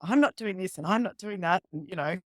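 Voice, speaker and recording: Woman, lower voice, animated storyteller, mimics quoted voices, dry close sound. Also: brisk, no echo. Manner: animated retelling, acting out quoted voices with laughs. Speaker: guest, police detective. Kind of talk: casual storytelling.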